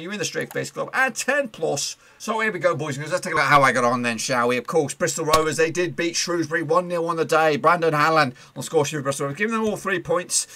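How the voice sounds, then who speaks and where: A man recaps the weekend's football results and his own prediction scores in a loose, joking way, with lots of fillers. His voice sits a little high and sounds bright and forward. He is going a bit hoarse. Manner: chatty and playful, quick asides and filler. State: losing his voice.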